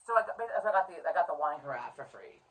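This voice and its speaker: A woman's voice: sits low, very animated, quick pace, a bit bright. Foul-mouthed woman telling a rant. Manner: frank, swears often, rambling storytelling with many restarts. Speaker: podcast co-host. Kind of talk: casual chat.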